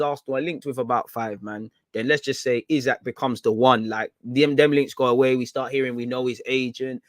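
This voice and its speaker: A man's voice: medium pitch, steady tone, fairly quick, few pauses, dry recording, studio quality. A man hosting a fan live stream, chatting casually in slang and reading out viewer comments. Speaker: fan channel host.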